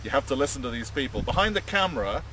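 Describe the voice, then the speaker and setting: A man's voice: mid-range voice, sing-song, fast talker. An English man presenting a casual vineyard update outdoors, hesitating with fillers and restarts. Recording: distant mic outdoors, loud wind and traffic.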